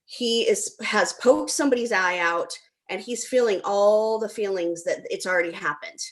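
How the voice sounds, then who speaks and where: A woman's voice: medium pitch, moderate pace. A middle-aged woman hosting a talk, telling a personal story in a chatty way with frequent ums. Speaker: host.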